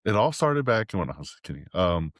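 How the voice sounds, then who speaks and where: A man's voice: deep voice, big pitch swings, moderate pace, no room sound, clean studio sound. A man, a podcast guest from Texas, telling stories in casual, rambling chat and swearing freely.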